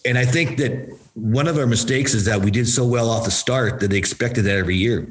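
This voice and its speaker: An older man, a former hockey player and coach, answering interview questions with lively anecdotes and acted-out quotes. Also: medium pitch, fairly quick, low-quality recording. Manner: animated, acts out quoted dialogue, repeats himself for emphasis.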